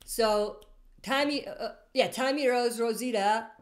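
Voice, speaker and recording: Hosting a casual live stream, a woman reads viewer comments aloud and answers questions in a rambling manner, often stopping to correct herself. Her voice is on the high side and her pace unhurried.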